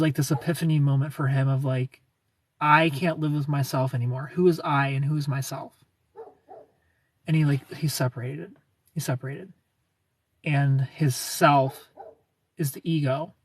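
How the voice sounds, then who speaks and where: Husky-voiced man chatting on a livestream. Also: a little high. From outside the United States. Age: 30s. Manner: rambling, restarts words, light laughs. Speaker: livestream host. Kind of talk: casual livestream chat answering viewer comments.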